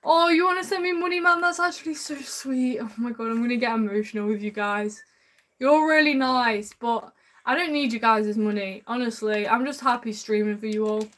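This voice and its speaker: A woman's voice: a little high, moderate pace, a bit bright. A woman streaming gameplay live, chatting with viewers in an upbeat way and calling them man and bro. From United Kingdom.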